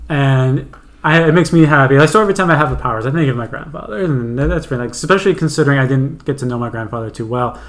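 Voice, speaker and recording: A man's voice: mid-range voice, quick pace. A young man co-hosting a podcast, telling stories in a chatty way. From Canada. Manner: chatty storyteller, many fillers. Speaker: podcast co-host. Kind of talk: casual chat.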